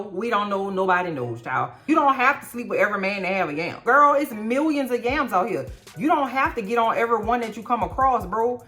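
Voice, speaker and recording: A middle-aged woman giving a sassy, animated TV recap into her phone, often yelling for emphasis. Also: medium pitch. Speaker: TV recap vlogger. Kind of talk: casual TV recap commentary.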